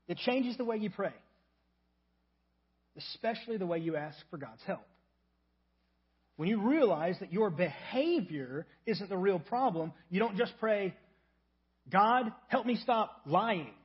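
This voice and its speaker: A man preaching a sermon as a pastor, emphatic and repetitive, often dropping to a soft low voice for example prayers. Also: animated, normal speed, long pauses, slightly rough, dull audio. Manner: emphatic, repeats key phrases, drops to soft low tones for acted prayers.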